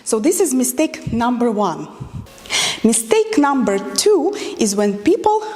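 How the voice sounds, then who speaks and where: High-voiced dance teacher counting beats. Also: female voice, sing-song, unhurried, mellow. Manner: counts beats aloud while demonstrating moves. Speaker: dance instructor. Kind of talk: instructional dance lesson with counting. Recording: long hall reverb.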